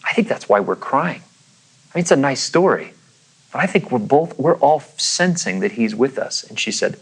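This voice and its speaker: A man's voice: mid-range voice, very animated, moderate pace, slightly rough, rough recording. A man preaching a sermon in a casual storytelling way, acting out the voices of the people in his story. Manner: conversational, acts out quoted voices. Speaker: pastor.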